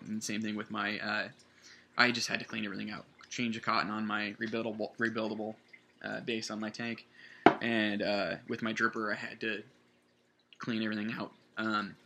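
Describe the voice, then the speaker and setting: With a creaky, low voice and a sharp tone, this man chats his way through a vape juice review. He wanders, corrects himself often, and returns repeatedly to earlier points.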